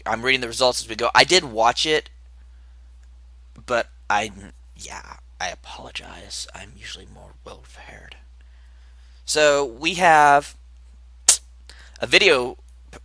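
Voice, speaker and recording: A man's voice: medium pitch, bright, forceful tone, no echo. A young man recapping a wrestling show in a casual, rambling podcast style, with asides and muttered remarks.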